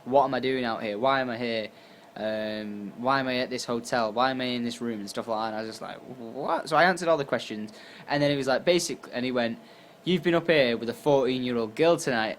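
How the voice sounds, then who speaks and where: Casual storyteller, young man, tired but animated, faint hiss behind. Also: quick pace. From England. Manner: animated, acts out quotes with jumps in pitch and volume. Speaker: YouTuber.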